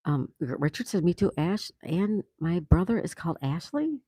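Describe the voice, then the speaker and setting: A woman's voice: lowish voice, big pitch swings, normal speed, dark tone, husky, no room sound. Chatty lady host on a livestream, reads comments out, says hi to everyone by name, dry close sound. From Florida. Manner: chatty, greets viewers by name. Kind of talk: casual chat reading viewer comments.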